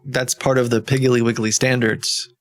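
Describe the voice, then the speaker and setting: A man's voice: medium pitch, little pitch movement, moderate pace. Young male streamer, playful and teasing, laughs often, mid-range voice. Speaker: livestreamer. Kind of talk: casual stream banter.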